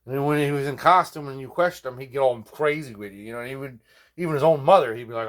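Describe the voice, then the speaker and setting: A man's voice: medium pitch, fast. A man who builds guitars, casually telling long rambling stories, constantly checking in with his listener. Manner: rambling, digressive, constant "you know what I mean". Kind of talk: casual rambling storytelling vlog.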